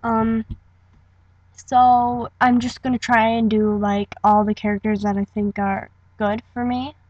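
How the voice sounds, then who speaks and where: A woman's voice: on the high side, level tone, unhurried, a little mellow, no room sound, lo-fi sound. A young woman casually introducing her voice acting audition, rambling a little and sounding unsure.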